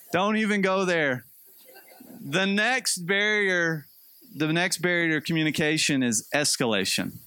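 A young adult man preaching a sermon, animated, acting out quotes as he goes. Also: no echo. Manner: animated, acts out quotes with a jumpy pitch. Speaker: pastor.

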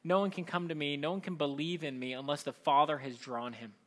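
Animated man preaching a casual sermon. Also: fairly high pitch, fairly quick. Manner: conversational, animated, acts out quoted voices. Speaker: pastor.

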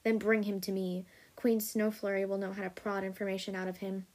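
A woman's voice: mid-range voice, flat delivery, a little fast, darkish tone, close to an everyday voice. A woman voicing a harsh, commanding ice dragon soldier who snaps curt orders in a storybook reading.

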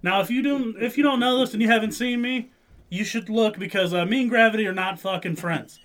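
Young male co-host, high voice, swears constantly, rowdy storyteller. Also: fairly quick. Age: 20s. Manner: profane, rowdy storytelling with loud acted-out quotes. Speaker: podcast co-host. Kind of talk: casual storytelling chat.

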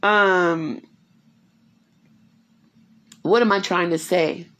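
A woman's voice: lowish voice, fairly even intonation, extremely slow, a bit bright. A woman giving a spiritual encouragement talk at home, emphatic and repetitive, full of rhetorical questions. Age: 50s. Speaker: faith speaker. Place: quiet home.

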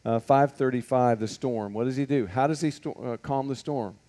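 Mellow-voiced man teaching Bible class. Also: mid-range voice, normal speed. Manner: conversational, full of rhetorical questions and fillers. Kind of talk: casual Bible teaching to a group.

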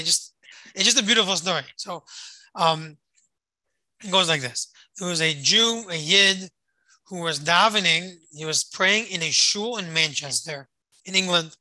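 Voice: mid-range voice, sharp tone, dry recording, rough recording. A Torah study leader telling a story to a group on a call, rambling and repeating words, explaining Hebrew terms as they go. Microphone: call or online meeting.

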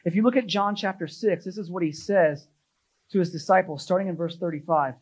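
Young guy pastor preaching, kinda high voice, punches words then goes soft and low. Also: fairly quick, low-quality recording. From United States. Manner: emphatic, rising on listed words then dropping low and soft. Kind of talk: sermon.

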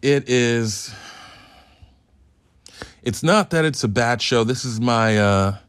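A man's voice: mid-range voice, slow, smooth, no echo, studio quality. A man hosting a solo review podcast, talking in a hyped, profane, joking ramble. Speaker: podcast host.

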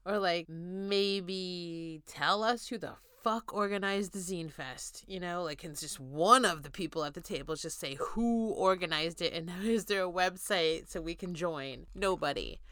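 A woman's voice: on the low side, unhurried, few pauses, a bit bright, clear, resonant tone, no room sound, studio quality. A woman co-hosting a podcast, chatting casually and telling a story with a lot of swearing and acted-out quotes. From United States. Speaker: podcast co-host. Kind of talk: casual chat.

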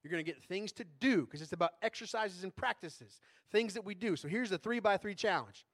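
A man's voice: high voice, animated, brisk, fairly bright tone. A man preaching a sermon as a pastor in a conversational way, often checking in with tag questions.

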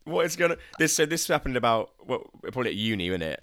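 A man's voice: medium pitch, very animated, fast, a bit bright, dry recording. A young man, hosting a podcast in chatty, teasing talk and laughing often. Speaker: podcast host. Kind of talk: casual podcast chat.

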